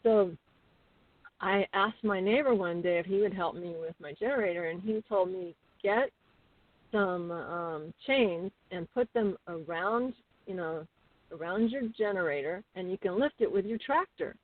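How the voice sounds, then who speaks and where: A middle-aged woman telling homestead stories as a guest, chatty and animated with many fillers. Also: medium pitch, a little slow. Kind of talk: casual interview storytelling. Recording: tinny phone-like call audio.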